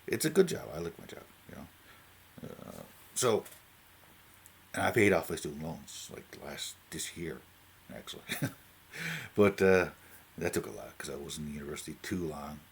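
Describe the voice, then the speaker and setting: A man's voice: very deep voice, lively intonation, moderate pace, gravelly, pauses often, breathy edge. A man in his late forties with a Newfoundland accent, talking to camera off the cuff, rambling between tangents and often tagging his sentences with "right?". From Newfoundland, Canada. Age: 40s. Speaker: vlogger. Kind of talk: unscripted talk to camera.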